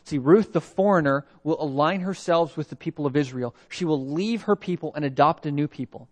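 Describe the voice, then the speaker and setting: A man's voice: a little high, a little fast, a little mellow. A man preaching a sermon from Canada, reading scripture aloud and asking reflective rhetorical questions. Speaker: pastor.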